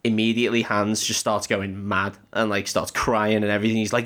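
A man's voice: on the low side, little pitch movement, a little fast, hardly any pauses, fairly bright tone. A young man co-hosting a podcast, animatedly retelling a film and acting out its lines. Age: young adult. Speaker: podcast co-host. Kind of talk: casual film-recap chat.

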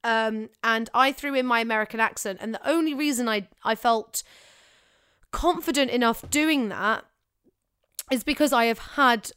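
A woman's voice: fairly high pitch, clean tone, dry recording, studio quality. A young woman, an actor, chatting casually and animatedly as she gives advice on showreels. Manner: chatty, animated, self-correcting. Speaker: actor giving career advice.

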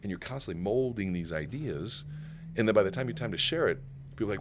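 Deep voiced guy rattling off stories fast, swears a lot, acts out what people said. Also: lively intonation, slight background noise. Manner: fast, emphatic storytelling with swearing and acted quotes. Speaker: guest speaker and author. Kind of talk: animated podcast interview. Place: podcast studio set.

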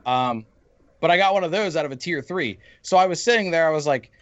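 A man's voice: fairly high pitch, fairly quick, fairly bright tone, no room sound. A man in a casual gaming chat, venting and rambling with restarts. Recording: dull lo-fi dry mic.

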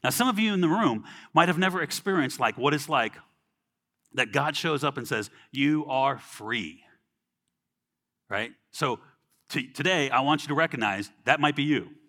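A man's voice: mid-range voice, animated, normal speed, pushed and bright. A man preaching a sermon in a casual, conversational way, often checking in with "right?" and acting out quoted people in little voices.

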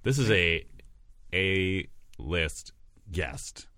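A man's voice: low voice, animated, very slow, bright, forceful tone, no echo. A man co-hosting a comedy podcast, making dry, wry remarks. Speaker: podcast co-host. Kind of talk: casual comedic chat.

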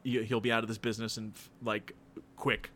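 A man casually commenting on a wrestling show with a friend, relaxed, with dry jokes and trailing asides. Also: lowish voice, fairly quick, a little hiss or hum. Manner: relaxed, laid-back, mumbles and restarts, dry jokes.

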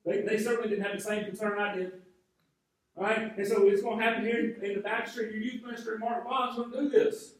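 Guy preaching in a big church, kinda high voice, mic far off and lots of echo. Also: little pitch movement, brisk. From North Georgia, USA. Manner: conversational storytelling with frequent repeated starts. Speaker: pastor. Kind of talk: sermon. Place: large church sanctuary. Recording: very echoey hall, voice from a distance.

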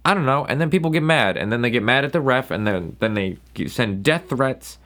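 Young man, podcast host, casual solo rant, sarcastic, profane, mid pitch. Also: brisk. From New England. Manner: sarcastic, profane, animated ranting.

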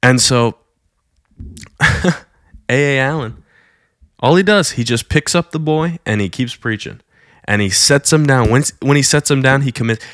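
A man retelling a miracle story in a sermon, his voice rising high when he quotes the preacher's vision. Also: a little slow, pauses often, a bit bright, dry recording, clean studio sound.

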